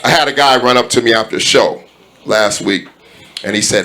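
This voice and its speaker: A man's voice: medium pitch, brisk. A man doing stand-up comedy in a club, telling stories and acting out the people in them. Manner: animated storyteller, acts out quoted dialogue. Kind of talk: stand-up storytelling.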